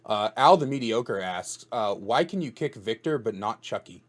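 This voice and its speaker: A man's voice: lowish voice, animated, moderate pace. A man hosting a casual gaming podcast, talking bluntly and swearing freely as he chats with his guest. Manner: blunt, swears freely, says "dude" and "bro". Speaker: host interviewing a guest.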